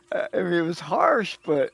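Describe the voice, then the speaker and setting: A middle-aged man telling stories casually on a live stream, rambling and profane, often chuckling. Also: on the high side.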